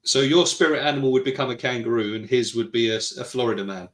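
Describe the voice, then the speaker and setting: A man's voice: medium pitch, quick pace, a bit bright, echoey room. A man with a British accent co-hosting a podcast, reading out chat messages and teasing his co-host. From Britain. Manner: teasing, argumentative, laughs often. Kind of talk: casual chat reading live chat.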